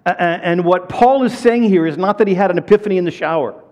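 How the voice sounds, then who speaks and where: A man's voice: high voice, quick pace, a little mellow. A middle-aged man preaching a sermon as a pastor, telling stories in a conversational way and repeating words as he builds up. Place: church.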